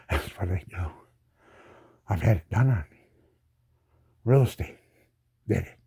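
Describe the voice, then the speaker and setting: Slow-paced but animated, a man's low, warm voice comes through with vocal fry and huskiness. He's a disabled veteran in his seventies ranting angrily to the camera in an indignant monologue crowded with rhetorical questions and repeated words.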